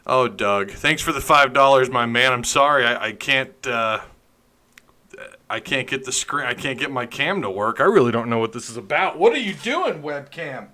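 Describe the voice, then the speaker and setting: Speaking at a moderate pace with a medium-pitched, sharp-toned voice, a sports podcast host chats and jokes on a casual livestream. Tech trouble flusters him as he struggles with his setup.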